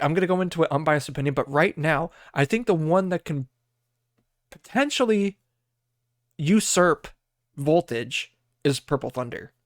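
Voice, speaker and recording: A man from the US Midwest hosts a loose, rambling podcast monologue, swearing freely and laughing at himself. His voice sits a bit high for a man. The sound is dry and close, with no room around it. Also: dry recording. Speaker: podcast host.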